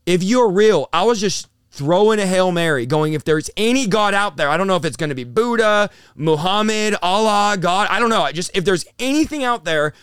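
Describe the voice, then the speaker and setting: A man's voice: high-pitched, lively intonation, fairly quick, hardly any pauses, a bit bright, clean tone, dry recording, clean studio sound. Intense young man telling his story. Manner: intense, storytelling with acted-out quotes. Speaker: pastor and guest. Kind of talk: emotional testimony in an interview.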